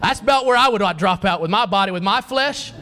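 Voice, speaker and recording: A man with a high-pitched voice preaches a sermon. He reads scripture aloud and keeps asking the congregation questions. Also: brisk, pushed and bright.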